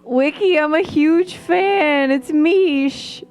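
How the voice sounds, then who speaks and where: A woman dropping in as a guest, excited and gushing like a fan. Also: sits high, extremely slow.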